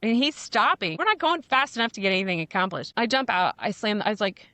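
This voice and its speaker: A woman's voice: mid-range voice, fast, no room sound. Blunt, profane woman telling her story. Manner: blunt, profane, animated retelling with quoted dialogue. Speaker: podcast guest. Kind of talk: candid interview storytelling.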